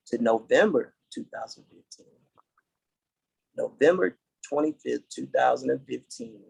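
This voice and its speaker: A middle-aged man from the United States, a podcast guest, telling his story in an earnest, halting way and restarting dates as he goes. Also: medium pitch, creaky, darkish tone, husky, poor audio. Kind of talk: casual interview storytelling.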